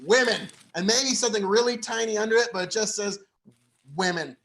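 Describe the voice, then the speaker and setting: A man's voice: sits high, steady tone, fast talker, fairly bright tone. A man co-hosting a casual live stream, riffing sarcastically on debate clips with many filler words. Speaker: co-host of live stream commentary.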